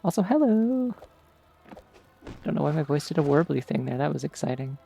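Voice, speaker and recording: Faint game music sits under this casual stream chat, where a man rambles and digresses with lots of "like" fillers. His voice is a little high, level and quick, gravelly yet warm.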